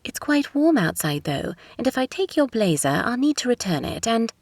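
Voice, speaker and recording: A woman voicing a refined, composed young woman with a crisp British accent, in an audiobook romance. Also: on the high side, very animated, moderate pace, darkish tone, no room sound, voice pushed up. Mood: politely firm. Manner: crisp, politely insistent.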